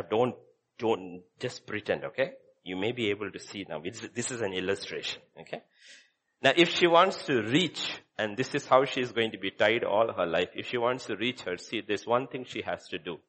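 A man preaching a sermon as a pastor, repeating short phrases and swinging between hushed and loud delivery. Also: medium pitch.

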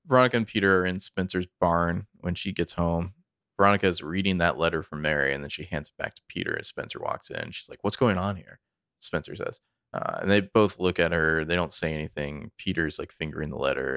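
Low gravelly man recapping a show. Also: dry recording, clean studio sound. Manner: animated retelling, mimics characters with big pitch jumps. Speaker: podcast co-host recapping a TV episode. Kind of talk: casual chat.

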